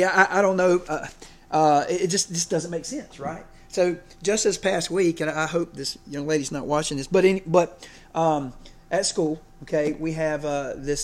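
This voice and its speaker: A man preaching a sermon. He talks conversationally, repeats himself and keeps checking in with the congregation. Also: a little high. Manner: conversational, often checks in with "okay?" and "right?"; repeats himself and restarts phrases.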